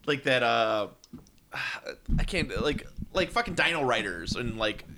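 A man's voice: mid-range voice, lively intonation, takes it slowly, creaky, noisy background. A man co-hosting a gaming podcast in casual banter, rambling and often laughing. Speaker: podcast co-host.

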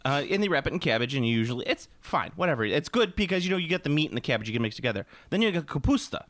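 A man's voice: on the high side, very animated, rapid-fire, a bit bright, no room sound. A man co-hosting a casual podcast chat, ranting animatedly and swearing often.

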